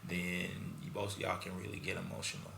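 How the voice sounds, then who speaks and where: A young man co-hosting a casual podcast, telling a personal story and giving frank advice in relaxed slang. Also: low-pitched, a little fast, gravelly. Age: young adult. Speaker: podcast co-host. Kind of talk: casual chat. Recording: echoey room with faint noise.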